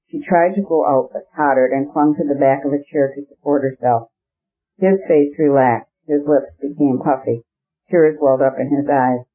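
A man reading a classic novel aloud as an audiobook narrator, steady and measured, in a muffled lo-fi recording. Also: medium pitch.

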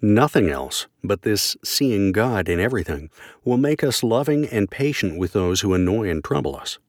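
A man reading a devotional text aloud in a measured, solemn, formal manner. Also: lowish voice, very animated, no room sound. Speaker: reader of a devotional book. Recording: dry close recording.

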